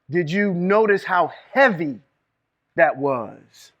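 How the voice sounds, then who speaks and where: A man teaching Hebrew reading and scripture to a live group, lively and quizzing the room with questions. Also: on the high side, slow pace. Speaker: Bible teacher. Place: room with a small live audience.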